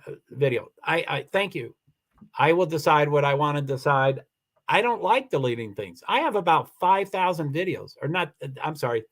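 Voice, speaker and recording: Man, livestream host, a touch higher-pitched, halting casual delivery, insistent streak. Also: fairly bright tone. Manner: halting, many restarts, firm and insistent when annoyed. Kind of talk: casual livestream chat reading comments.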